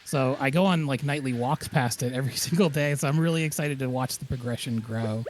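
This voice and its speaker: A man's voice: medium pitch, fairly quick, slight background noise. A man in casual chat while streaming a farming game, talking in a rambling, hesitant way with frequent fillers. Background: game music.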